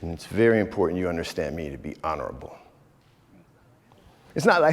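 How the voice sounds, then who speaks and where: Animated man speaking in a reverberant hall. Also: low voice, fairly quick, long pauses. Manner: emphatic, addresses audience directly, acts out quoted voices. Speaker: guest speaker at a men's retreat. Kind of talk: animated inspirational talk. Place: large church hall. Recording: live talk in a reverberant hall.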